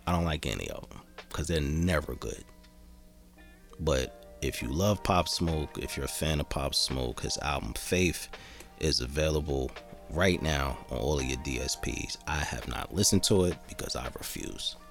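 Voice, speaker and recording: A man's voice: rumbling low, moderate pace, vocal fry, a bit bright, faint music behind. A man hosting a podcast, talking in a laid-back, rambling way and swearing freely. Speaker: podcast host. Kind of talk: casual podcast chat.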